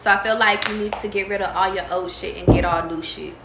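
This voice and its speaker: A woman giving a casual tarot reading, slangy and profane, breaking into excited squeals. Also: medium pitch, fast, creaky, roomy sound, very noisy. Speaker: tarot reader.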